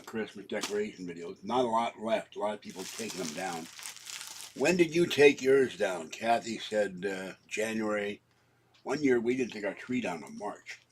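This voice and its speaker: A man's voice: on the low side, noisy background. An older man with a cough, chatting casually and rambling through his shopping haul at home, with fillers and frequent coughing fits.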